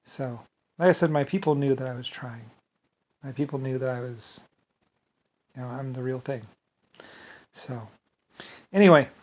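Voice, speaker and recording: A man's voice: mid-range voice, moderate pace, long pauses. A man talking at length in a rambling personal monologue, often repeating and restarting words and trailing off with filler. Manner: trails off with "anyway, whatever". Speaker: vlogger.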